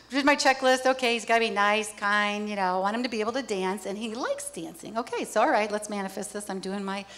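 Woman, motivational stage speaker, animated storyteller. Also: medium pitch, a little fast. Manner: lively, acts out little scenes. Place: theater stage.

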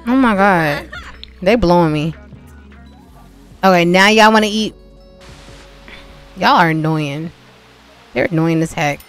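A woman's voice: lowish voice, lively intonation, takes it slowly, pauses often, soft background music. A young woman giving casual, chatty gameplay commentary, talking straight to her viewers with exasperated asides. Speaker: gameplay vlogger.

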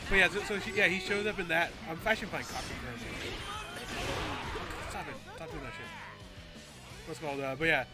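A young man casually commentating a video game with a friend, animated, laughing and swearing, now and then mimicking silly voices. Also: a little high, fairly quick, long pauses. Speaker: gameplay commentator. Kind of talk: casual chat over gameplay. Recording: game music behind. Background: game music.

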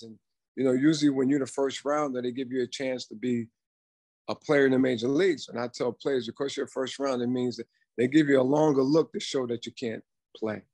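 A man's voice: medium pitch, a little mellow, dry recording. A man in his fifties, a former ballplayer and coach, chatting casually as a podcast guest and acting out past conversations as he tells them. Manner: storytelling, quotes himself and others in dialogue.

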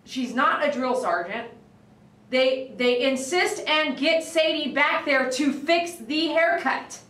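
A woman dog groomer chatting on a livestream, reading viewer comments and telling stories in an animated, excitable way that breaks into shouts. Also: sits high, slow pace, recorded from a distance. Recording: echoey room, voice away from the mic.

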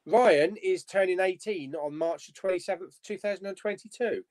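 A man, a guest on a casual live-stream chat, lively and reading out viewer comments. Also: high-pitched, moderate pace, no echo.

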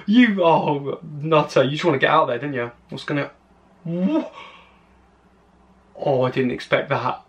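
Excitable British man with a high, lively voice. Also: moderate pace. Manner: excitable, exclaiming, gasping at each clip. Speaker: channel host. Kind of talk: reaction commentary on crash videos.

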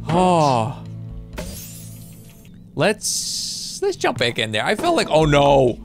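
A young man commentating his own gameplay, excitable and chatty with his viewers. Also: fairly high pitch, slow, pauses often, soft background music. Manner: excitable, talks to viewers while playing. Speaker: gaming YouTuber. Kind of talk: let's play commentary.

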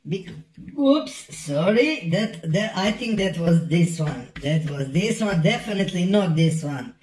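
Halting man in a roomy echo. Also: high voice, slight background noise. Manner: halting, repeats words, deadpan asides. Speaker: comedy product reviewer. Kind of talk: rambling comic review to camera.

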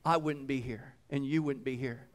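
A man preaching a sermon as pastor, swinging between loud fervent passages and hushed reverent ones, repeating phrases and calling out "come on.". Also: mid-range voice, fairly even intonation, normal speed.

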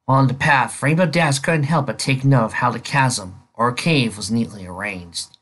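A man reading his own fan fiction story aloud as narrator, in an expressive, animated way. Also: mid-range voice, normal speed, husky. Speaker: fan fiction author and reader.

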